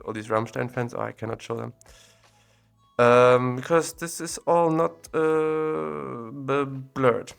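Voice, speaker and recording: With soft music in the background, a man speaks in a medium-pitched, creaky, clean-toned voice at a measured pace. He thinks aloud in a relaxed, chatty way while exploring places on a map, and the audio was captured on a separate recorder.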